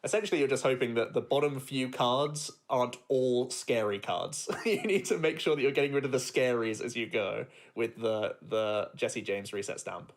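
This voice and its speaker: A man with a mid-range voice co-commentates a competitive card game. He sounds relaxed and laughs lightly as he breaks down each play. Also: medium pitch, moderate pace, hardly any pauses. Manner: relaxed, chuckles often while explaining.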